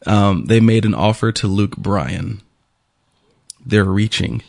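A man's voice: fairly low pitch, slow pace, vocal fry, a little mellow, dry recording, clean studio sound. A man co-hosting a radio show, chatting casually with lots of ums and laughs. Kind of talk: casual banter.

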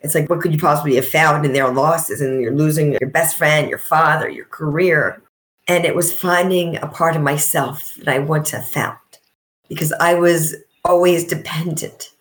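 Woman, middle-aged, low voice, heartfelt and reflective, podcast guest. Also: steady tone. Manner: heartfelt, reflective, slows for emphasis. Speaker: guest, coach and author. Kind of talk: emotional podcast interview.

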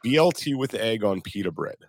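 A man's voice: fairly low pitch, sing-song, brisk, no room sound. A man co-hosting a podcast, teasing and swearing casually in chat. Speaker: podcast co-host.

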